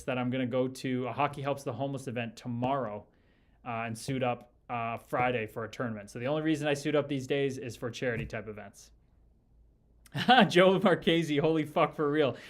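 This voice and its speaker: A man in his early thirties hosting a livestream, reading chat and talking casually, swearing often and calling everyone brother. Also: mid-range voice. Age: early 30s. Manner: profane, loose and enthusiastic, calls people brother. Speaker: podcast host reading live chat.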